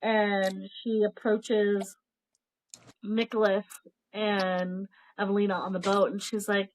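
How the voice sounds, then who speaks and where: A woman's voice: medium pitch, measured pace, rough recording. A young woman co-hosting a casual podcast, retelling a book's plot with swearing, laughter and acted-out lines. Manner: animated storytelling, acts out characters' lines, laughs often, swears casually. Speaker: podcast co-host. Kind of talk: casual book review chat.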